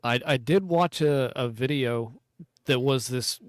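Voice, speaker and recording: A man hosts a casual podcast and asks questions. He rambles a little and restarts his sentences. His voice is mid-pitched and dry. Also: unhurried, no room sound. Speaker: host.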